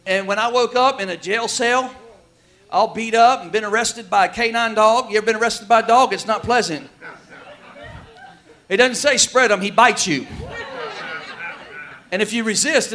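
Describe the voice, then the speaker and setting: A male pastor preaching a sermon in a folksy, emphatic way, shouting at the peaks and dropping quiet elsewhere. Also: high-pitched, moderate pace, pauses often.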